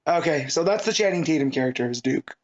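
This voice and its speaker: A man with a high voice chats casually as a podcast co-host. He rambles with real enthusiasm and wanders off on tangents. The audio sounds a little muffled and lo-fi. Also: lively intonation, fast talker. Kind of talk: casual chat. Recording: slightly dull lo-fi audio.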